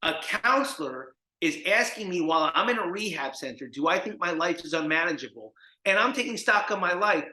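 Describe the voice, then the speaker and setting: A man's voice: high-pitched, fairly quick. A man from New Jersey telling stories as a guest in an interview, acting out the people he quotes. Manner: animated, acts out the people in his stories. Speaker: guest, recovery mentor. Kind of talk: storytelling in an interview. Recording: echoey room.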